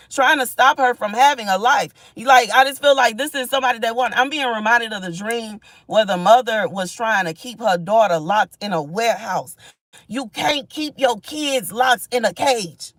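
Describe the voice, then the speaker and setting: A woman's voice: a little high, a bit bright, dry recording. A woman giving impassioned spiritual messages on a livestream, emphatic and repetitive, often asking "you know what I'm saying". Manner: reads and thanks viewers from chat.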